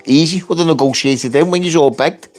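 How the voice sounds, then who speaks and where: A man's voice: on the high side, fairly quick, soft background music. Swearing man on a rant. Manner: ranting, heavy swearing, blunt. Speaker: construction worker and union activist. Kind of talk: angry live-stream rant.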